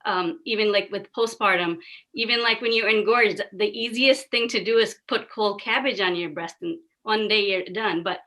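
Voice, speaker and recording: A woman's voice: mid-range voice, normal speed, sharp tone. A woman co-hosting a casual chat, talking in an earnest, emphatic way. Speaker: podcast co-host.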